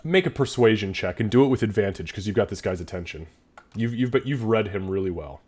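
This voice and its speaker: A man's voice: on the low side, lively intonation, a little fast, a little mellow. A man running a tabletop game, narrating casually with restarts. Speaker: game master.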